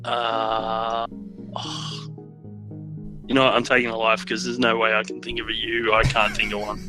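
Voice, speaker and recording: A man's voice: on the low side, monotone, moderate pace, poor audio. A man co-hosting a podcast in casual chat, easygoing and bargaining with his friends. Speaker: podcast co-host. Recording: music playing underneath. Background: music.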